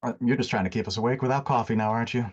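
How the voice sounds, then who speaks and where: A man's voice: mid-range voice, fairly even intonation, very fast, lo-fi sound, background noise. A man playing in a tabletop game, practical and joking in casual chat. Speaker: player.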